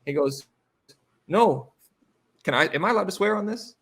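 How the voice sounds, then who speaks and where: A man's voice: high-pitched, very fast. An American man in his thirties, a pro basketball player, telling long casual stories with lots of fillers as an interview guest. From United States. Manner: animated, rambling anecdotes with many fillers. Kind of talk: casual storytelling.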